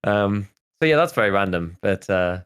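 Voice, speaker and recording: A man's voice: on the low side, lively intonation, normal speed, a bit bright, clean tone. A man in his thirties, a podcast host chatting casually and rambling, with lots of "like" and restarts. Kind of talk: casual chat.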